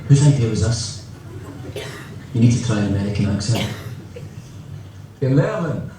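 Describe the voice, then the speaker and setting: A man's voice: mid-range voice, animated, moderate pace, noisy background, natural voice. A man with a Scottish accent playing a sarcastic, blunt Scotsman trapped in a lift. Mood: scornful. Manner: mocking, blunt. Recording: comedy clip played in an echoey hall, from far off.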